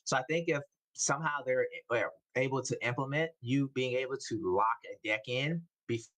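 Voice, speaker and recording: A man with a Midwestern American accent co-commentates an online card game tournament. He grew up in the Deep South and explains things at length in a relaxed, even way. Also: normal speed, rough recording. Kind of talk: casual esports commentary.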